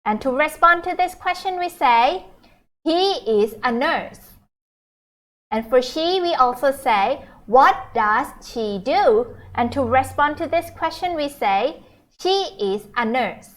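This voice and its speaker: A woman's voice: high-pitched, animated, fairly bright tone. A woman teaching an English grammar lesson, carefully reading out example sentences and questions. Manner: slow, clear teacher talk, stressing example sentences.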